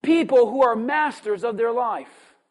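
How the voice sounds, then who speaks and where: A pastor preaching a sermon with dynamic swings between loud emphasis and quiet asides, full of rhetorical questions and call-and-response. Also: medium pitch, measured pace.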